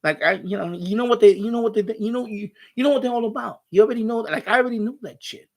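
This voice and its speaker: A man's voice: sits high, rapid-fire, vocal fry. A man hosting a live stream, telling a casual story with lots of swearing and laughter. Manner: animated, swears often, laughs through the story.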